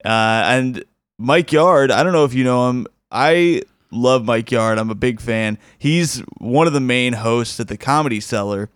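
A man's voice: mid-range voice, measured pace, clean tone, no echo, studio quality. A man hosting a comedy podcast, chatting casually and enthusiastically with frequent restarts. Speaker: podcast host. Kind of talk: casual commentary.

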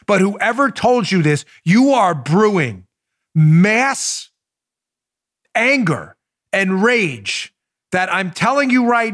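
Podcast host, middle-aged man, New York-raised, higher-pitched voice, sarcastic and indignant ranting with quiet confiding asides. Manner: indignant, sarcastic, rapid rhetorical questions; swings to soft, confiding asides. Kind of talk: heated political commentary.

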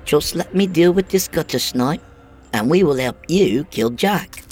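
A man's voice: fairly high pitch, lively intonation, measured pace, a little mellow, faint music behind, pitched above the performer's own voice. A man voicing a frightened dying woman who pleads through chattering teeth. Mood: pleading.

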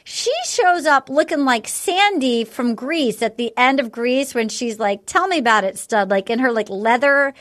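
Gushing chatty woman, slightly high voice. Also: unhurried, few pauses, dry recording, clean studio sound. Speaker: podcast co-host. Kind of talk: casual chat recapping a dating show.

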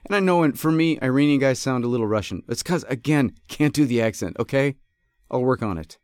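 A man's voice: mid-range voice, brisk, clear, resonant tone, no room sound, clean studio sound. A man hosting a podcast, telling a rambling story in a casual way, often correcting himself as he goes. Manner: rambling, self-correcting, animated. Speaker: podcast host.

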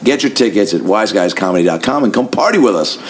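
A man hosting a podcast, talking in a casual, energetic monologue full of swearing and fillers. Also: fairly low pitch, fast talker, slight background noise. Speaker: podcast host.

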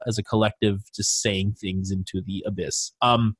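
A man hosting a casual sports podcast, excitable and quick to laugh. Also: lowish voice, breathy edge, no room sound. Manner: animated, excitable, laughs a lot. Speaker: podcast host.

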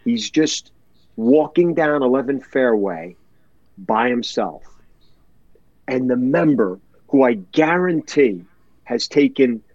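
Man, earnest storyteller, slow unhurried delivery, dry close sound, muffled lo-fi quality. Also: mid-range voice, darkish tone, no echo. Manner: earnest, emotional, repeats words for emphasis. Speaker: guest telling a story. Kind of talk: heartfelt storytelling in a podcast chat.

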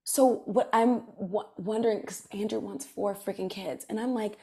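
A woman hosting a casual chat, expressive and quick to react. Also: medium pitch. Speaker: host.

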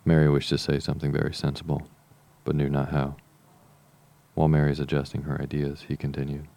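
A man narrates a classic novel in a steady, measured audiobook reading. His voice is extremely deep and gravelly, with a dark tone and a nearly flat melody.

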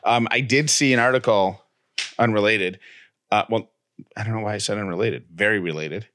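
A man's voice: fairly low pitch, normal speed, fairly bright tone, no room sound, studio quality. A young adult man co-hosting a casual podcast from home, playful and jokey as he chats. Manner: joking, playful bits. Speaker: podcast co-host. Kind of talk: casual chat.

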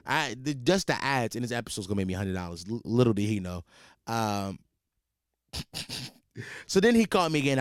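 A man hosting a podcast, telling a comic story in a profane, rambling, animated way. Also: mid-range voice, fairly quick, pauses often, clear, resonant tone, no echo, clean studio sound. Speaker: podcast host. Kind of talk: comedic storytelling.

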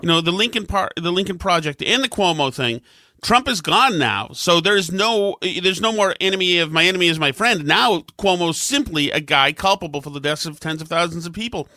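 A man's voice: high voice, lively intonation, fairly quick, bright, forceful tone, no echo, studio quality. A man co-hosting a podcast in casual political chat, arguing his points in a conversational way. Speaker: podcast co-host.

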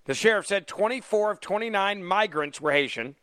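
Sarcastic talk radio host, fairly high voice. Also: male voice, fairly quick, dry recording. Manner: sarcastic, mocking, animated. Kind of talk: talk radio monologue and taking calls.

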